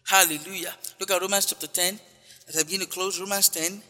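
Emphatic high-voiced male preacher. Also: fairly even intonation, fast talker, bright, forceful tone, big-room sound, faint music behind. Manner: repetitive, emphatic, frequent hallelujahs. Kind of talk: broadcast sermon.

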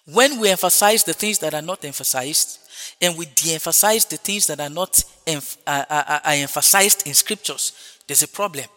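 Bright-voiced man preaching in a reverberant hall. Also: fairly high pitch. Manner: repeats hallelujah and praise God between points; stretches words slowly for emphasis. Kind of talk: sermon.

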